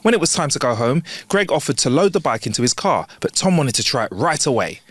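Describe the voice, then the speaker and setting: Animated man telling jokes. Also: mid-range voice, quick pace, slightly rough, no room sound, studio quality. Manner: animated, chuckling, slangy. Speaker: podcast co-host reading listener jokes. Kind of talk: casual comedy chat. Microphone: close studio mic.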